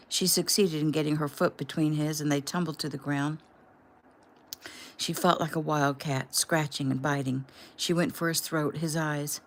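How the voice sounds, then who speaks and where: A woman casually reading her own novel aloud at home in a plain, unhurried way. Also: sits low, creaky. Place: home room.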